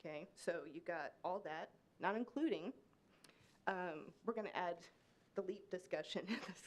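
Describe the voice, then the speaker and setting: A woman's voice: on the low side, normal speed. Emotional woman pleading at a meeting. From Kansas. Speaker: public commenter. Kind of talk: public comment at a city meeting. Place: city commission meeting room.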